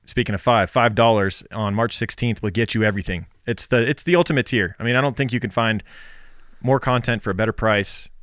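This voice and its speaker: A male podcast co-host in casual chat, reading sponsor spots and listener reviews in a relaxed, rambling way with fillers. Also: fairly low pitch, a little fast, no room sound, studio quality.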